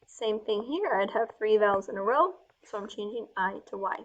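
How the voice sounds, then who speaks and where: A woman teaching Spanish verb forms step by step while writing them out, talking through each change slowly and sometimes dropping to a soft murmur as she writes. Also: medium pitch, expressive, dull audio, a little hiss or hum. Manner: slow, step-by-step explaining. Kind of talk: explaining grammar while writing.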